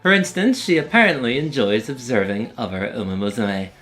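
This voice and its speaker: A man's voice: mid-range voice, lively intonation, a little fast, a bit bright, faint music behind, lightly acted. A man voicing an eccentric, smug young female scientist, reading game dialogue with theatrical, formal phrasing. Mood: conspiratorial.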